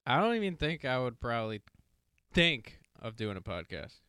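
A man's voice: medium pitch, big pitch swings, normal speed, bright, forceful tone, clean tone, dry recording. A young man co-hosting a casual podcast, talking in a dry, matter-of-fact and teasing way. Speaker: podcast co-host. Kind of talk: casual chat. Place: small home podcast studio.

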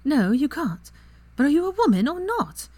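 A woman's voice: high-pitched, sing-song, normal speed, mellow, no room sound, voice pushed up. A woman reading aloud and voicing a bold, frank young witch. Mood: brazen.

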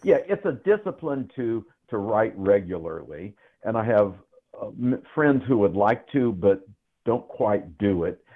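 An older man, a guest economist, talking casually in an interview with many fillers over a remote call. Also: low-pitched. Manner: relaxed, rambling with many fillers. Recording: tinny phone-like line.

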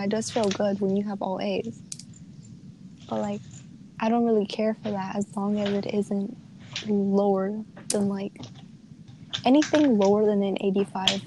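A young woman in her late teens, a student, chatting casually and quickly, with lots of fillers and acted-out quotes of what others said. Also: mid-range voice, noisy background. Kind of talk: casual chat.

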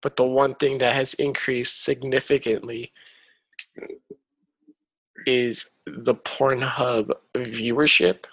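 A man's voice: medium pitch, little pitch movement, slow pace, long pauses, fairly bright tone, no echo. A man co-hosting a podcast in casual chat, joking and ranting with lots of "like". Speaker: podcast co-host.

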